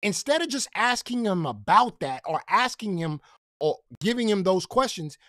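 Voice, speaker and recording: A man's voice: sits high, very animated, normal speed, pushed and bright, no room sound, studio quality. A man hosting a gaming commentary channel, ranting in a profane, confrontational way and repeating himself when heated.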